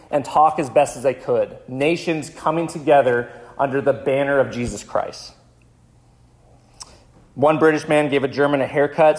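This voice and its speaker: A male pastor telling a vivid story in a sermon, slowing down for dramatic moments. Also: on the high side. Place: church.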